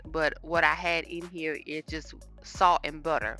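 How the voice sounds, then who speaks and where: Low, bright-voiced woman vlogging her cooking. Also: fairly even intonation, unhurried, soft background music. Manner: chatty, talks straight to viewers. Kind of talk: casual cooking vlog chat. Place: home kitchen. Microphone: phone camera.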